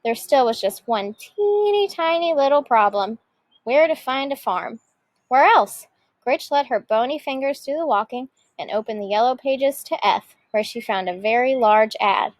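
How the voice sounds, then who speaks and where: A woman teacher reading a picture book aloud with lively expression. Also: a little high, moderate pace, no echo, rough recording.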